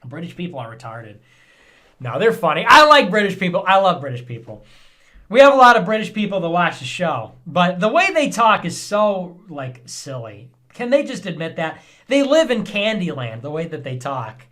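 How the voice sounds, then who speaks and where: A man hosts his vlog in loose, casual commentary, his voice pitched a little high for a man. He rambles, thinks out loud and leans sarcastic as he goes. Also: sing-song, normal speed. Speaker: vlog host reading viewer messages.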